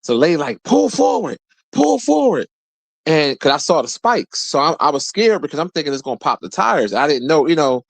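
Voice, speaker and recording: A man in his forties telling a rambling, profane story in a casual rant, his voice jumping high whenever he quotes someone. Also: a little fast, few pauses, no echo. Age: 40s. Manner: profane, animated, jumps high when quoting people. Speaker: streamer host.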